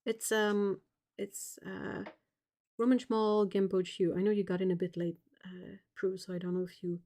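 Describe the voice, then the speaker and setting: A woman in her forties hosts an art livestream, painting as she chats casually, reading viewer comments aloud and laughing at her own jokes. Her mid-range voice is warm, with a flat delivery at a normal speed.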